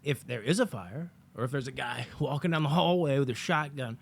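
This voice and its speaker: A man's voice: medium pitch, fairly quick, gravelly, breathy edge. A man casually reviewing a movie on his vlog, telling long stories in a rambling, profane way with lots of fillers.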